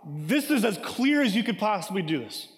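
A man with a fairly high voice delivers a sermon in a relaxed, conversational way, often asking "right?" and punching key lines with emphasis. His voice rings out with a long reverb, as if in a large hall. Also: normal speed. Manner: conversational preaching with frequent "right?" asides; emphatic, acts out scripture quotes. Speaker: pastor.

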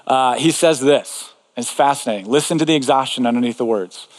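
A man's voice: mid-range voice, fairly quick, hardly any pauses. A man preaching a sermon to a room, in a conversational way with frequent asides. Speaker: pastor. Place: large room before an audience. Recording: long reverb in a large hall.

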